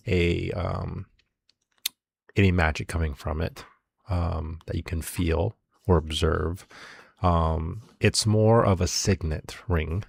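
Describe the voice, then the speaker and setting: A man narrating as game master of a tabletop game, slow and full of ums. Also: deep voice, vocal fry, dry recording. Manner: slow, filler-heavy narration.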